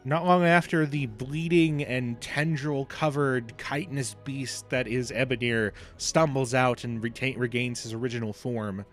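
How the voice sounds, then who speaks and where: Casual game master, man, mid pitch, loose filler-heavy narration over faint music. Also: fairly even intonation, measured pace, hardly any pauses.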